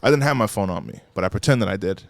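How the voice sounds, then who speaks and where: A man's voice: lowish voice, lively intonation, racing, creaky, dry recording. A man guesting on a podcast as a comedian, telling playful, profane stories in casual chat in a studio.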